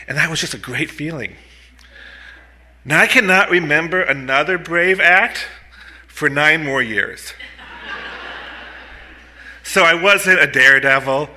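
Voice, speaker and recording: A man in his fifties from the United States, telling a true story live on stage into a mic on a stand, with animated, punchy delivery and comic asides. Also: fairly high pitch, a little slow, long pauses. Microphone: mic on a stand in front of him.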